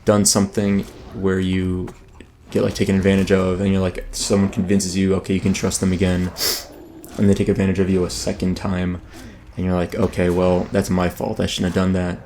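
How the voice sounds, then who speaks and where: A man's voice: deep voice, completely flat delivery, a little fast, a little hiss or hum. A man casually narrating while playing an online game, rambling with frequent ums and restarts. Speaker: gaming YouTuber. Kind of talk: casual let's play commentary. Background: soft background music.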